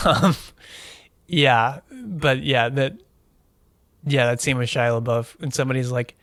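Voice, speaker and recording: Young male co-host, middle pitch, loose rambling delivery, dry booth-like sound. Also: slow, fairly bright tone, no room sound. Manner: rambling, laughing, profane. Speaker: podcast co-host. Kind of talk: casual movie review chat.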